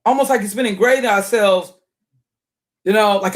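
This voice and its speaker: A woman with a medium-pitched voice speaks at a normal speed, hosting a casual commentary video. She thinks aloud with lots of fillers and restarts, and at points reads a search result off the screen.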